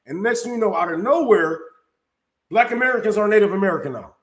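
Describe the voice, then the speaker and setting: High-voiced man ranting on a livestream. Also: lively intonation, fast. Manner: heated, profane, emphatic, with frequent restarts. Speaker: livestream host. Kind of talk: casual opinion livestream. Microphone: streaming setup mic.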